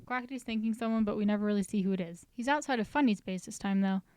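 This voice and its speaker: Smooth-voiced woman recapping with jokes. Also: medium pitch, fast, a little mellow, dry recording, poor audio. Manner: chatty, with joking asides. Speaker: recap host. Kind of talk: casual story recap commentary.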